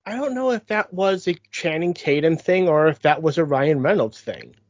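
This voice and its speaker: A podcast co-host with a middle-pitched voice who explains points in a measured, even way. The sound is dry and slightly dull, recorded close with no room echo. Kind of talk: casual chat.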